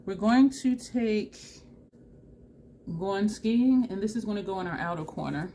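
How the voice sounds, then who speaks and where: A woman vlogger chatting excitedly and laughing often as she talks viewers through a makeup tutorial. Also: medium pitch, a little slow, slight background noise. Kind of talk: casual makeup tutorial chat.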